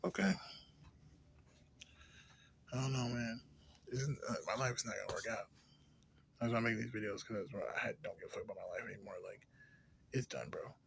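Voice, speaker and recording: A man's voice: mid-range voice, normal speed, gravelly, pauses often, slight background noise. A man vlogging an unscripted rant, rambling with heavy swearing and many fillers, sometimes dropping to a tired near-whisper. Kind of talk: unscripted venting monologue.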